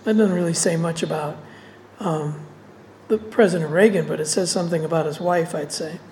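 A woman's voice: lowish voice, brisk, warm tone, a little hiss or hum, low-quality recording. A woman teaching through a Bible passage, reading verses aloud and explaining them with casual asides.

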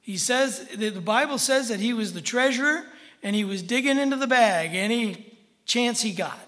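A preacher teaches verse by verse through a Bible passage in a sermon, speaking conversationally and emphatically and frequently checking in with listeners. His expressive voice is medium-pitched, fairly bright, and at a normal speed, with long hall reverb on the recording.

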